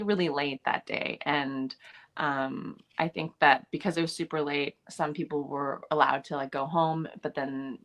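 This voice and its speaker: Bright-voiced actress telling funny stories. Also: female voice, low voice. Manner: laughs often while telling anecdotes; chatty, many restarts and fillers. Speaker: actor guest. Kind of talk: casual interview storytelling.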